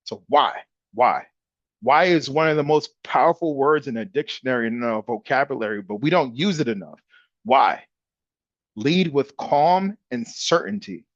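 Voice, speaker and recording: Energetic man coaching real estate agents. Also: mid-range voice, normal speed, no echo. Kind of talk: casual training talk. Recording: dull dry sound.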